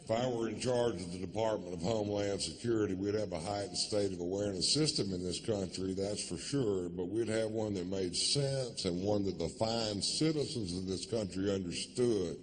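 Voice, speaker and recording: A man doing a stand-up comedy routine on stage, with profane, drawling storytelling that builds into loud rants. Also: on the low side, normal speed, hardly any pauses. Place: live stage show.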